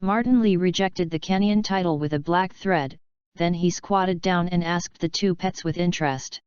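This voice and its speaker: A woman narrating a fanfiction audiobook in an even, unhurried reading. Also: on the low side, smooth, no room sound. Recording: dull lo-fi recording.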